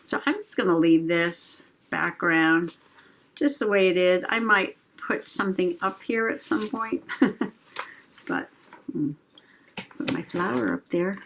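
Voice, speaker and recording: A woman's voice: fairly low pitch, vocal fry, a bit bright, slight background noise. A middle-aged woman from the United States hosting a journaling video, chatting casually and giggling as she crafts. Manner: chatty, giggly, slow and rambling. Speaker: journaling channel host.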